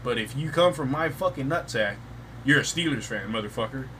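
A man's voice: mid-range voice, lively intonation, fairly quick, sharp tone, a little hiss or hum, rough recording. A young man co-hosting a casual podcast, telling stories with lots of swearing. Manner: profane, storytelling. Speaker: podcast co-host. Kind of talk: casual chat.

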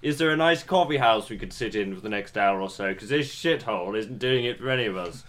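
Joking man with a lively voice. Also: fairly low pitch, fairly quick. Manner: sarcastic, joking. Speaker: player.

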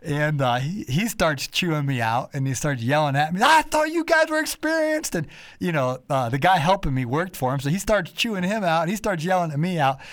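A man hosting a podcast, telling rambling, animated stories full of quoted voices. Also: on the high side, a little fast, no room sound. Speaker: podcast host. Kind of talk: casual storytelling chat.

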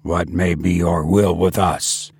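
A proud conspirator leader in a storybook, speaking with commanding arrogance in a deep, slow and gravelly voice, as a man reading aloud puts him on. Dry, close sound. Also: no room sound, heavily acted. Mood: arrogant, resigned.

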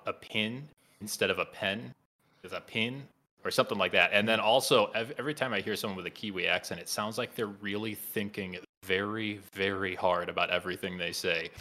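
A man's voice: deep voice, fairly even intonation, fast, sharp tone. A man chatting casually on a podcast, telling wry, rambling stories. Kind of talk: casual chat.

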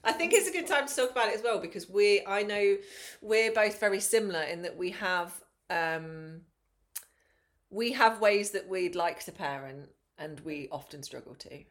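A woman, co-hosting a casual podcast chat, animated and swearing freely. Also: medium pitch, moderate pace. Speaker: podcast co-host.

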